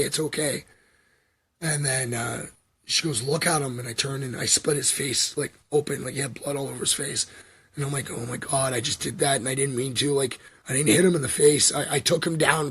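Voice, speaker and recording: A man from Canada talks to his livestream viewers in a loose, meandering way, full of ums and likes. His voice is a bit husky and sits slightly high for a man. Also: fairly bright tone. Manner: filler-heavy, meandering, frequent ums and likes. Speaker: livestream host. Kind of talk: rambling livestream storytelling.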